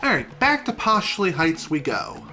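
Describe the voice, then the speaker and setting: A woman talks through a game in a casual, opinionated stream, lower in pitch than most, with a bright, crisp tone. Faint game music runs under her voice. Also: big pitch swings, a little slow. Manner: chatty and opinionated, with fillers. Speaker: let's play streamer. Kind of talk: casual gameplay commentary.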